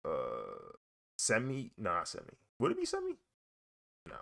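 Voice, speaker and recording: Deep-voiced laid-back young man. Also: huge pitch swings, unhurried, gravelly, fairly bright tone. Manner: slangy, laughs often, musing aloud. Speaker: artist streaming while drawing. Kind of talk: casual reaction commentary.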